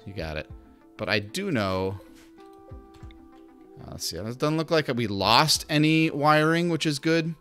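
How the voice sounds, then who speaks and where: A man's voice: on the high side, fairly bright tone. A man streaming a video game, chatting casually and talking to the game's characters. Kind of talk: casual gameplay commentary.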